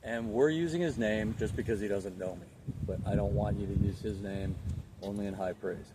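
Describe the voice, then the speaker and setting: A man's voice: on the low side, moderate pace. A man working as a dog trainer, explaining in a casual, instructive way and giving short commands to a dog outdoors. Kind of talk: hands-on dog training lesson. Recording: distant mic with loud outdoor noise.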